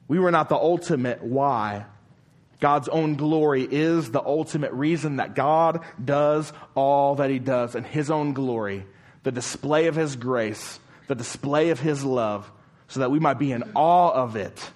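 A male pastor preaching a sermon, asking rhetorical questions again and again and dropping to a quiet, slow voice for emphasis. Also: on the high side, lively intonation.

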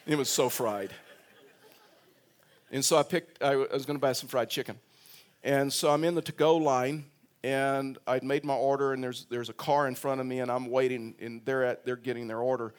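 A man's voice: medium pitch, level tone, fairly quick, clear, resonant tone. A man preaching a sermon in a conversational way, telling a personal story, often repeating words and restarting, and rising in voice for emphasis. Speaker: pastor.

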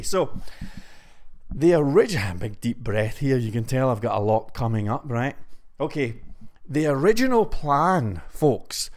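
Breathless, chatty man vlogging to viewers. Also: mid-range voice. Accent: non-American English. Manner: chatty and rambling, addresses viewers directly. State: out of breath from pacing. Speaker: web development vlogger. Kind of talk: casual to-camera vlog. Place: indoor room.

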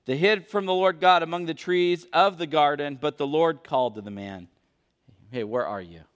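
A man's voice: fairly high pitch, moderate pace, clean tone. A young adult man preaching a sermon as a pastor, earnest and emphatic. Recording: echoey hall.

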